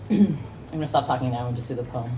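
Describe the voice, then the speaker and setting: A woman's voice: very deep voice, brisk. A young woman from the United States performing spoken word poetry at a café open mic, with awkward self-deprecating asides between impassioned poems. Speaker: poet. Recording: distant mic with faint room noise.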